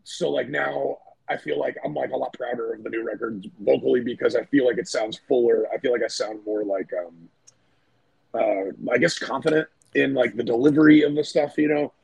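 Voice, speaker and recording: A man's voice: medium pitch, steady tone, a little fast, a little mellow, dry recording, rough recording. A man, a band's singer and guitarist, talking casually and loosely in a podcast chat, with lots of fillers and swearing. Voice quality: gravelly, husky voice. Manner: rambling, loose, swears often, many fillers.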